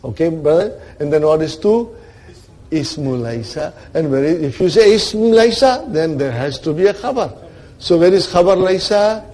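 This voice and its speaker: A man's voice: fairly high pitch, lively intonation, moderate pace, warm tone. A man teaching a grammar class, explaining step by step with rhetorical questions and often checking that his students are following him. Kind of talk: classroom lecture.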